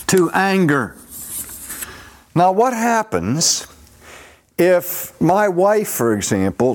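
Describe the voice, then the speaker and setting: A man giving a teaching lecture, speaking deliberately and posing rhetorical questions to his listeners. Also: a little high.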